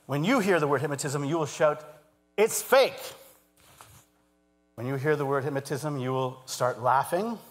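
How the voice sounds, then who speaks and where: A man giving a live stage talk as a hypnotist, moving between calm trance suggestions and lively explaining to an audience. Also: a little high, a little fast, hardly any pauses, soft background music. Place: large auditorium stage. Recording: long hall reverb.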